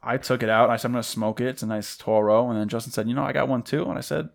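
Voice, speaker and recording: A man's voice: mid-range voice, fairly even intonation, very fast, vocal fry. Easygoing man with a mid-range voice. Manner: easygoing, laid-back storytelling. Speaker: podcast co-host. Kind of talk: casual chat.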